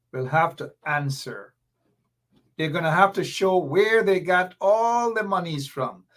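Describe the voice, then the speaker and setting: A man hosts a live political commentary stream. He talks in fiery bursts, repeats his points, and reads out viewer comments as he goes. His voice sits fairly high for a man. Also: fairly bright tone. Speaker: host.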